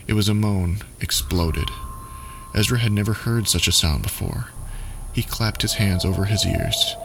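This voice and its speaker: Man, story narrator, very deep voice, measured steady reading. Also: gravelly, slight background noise.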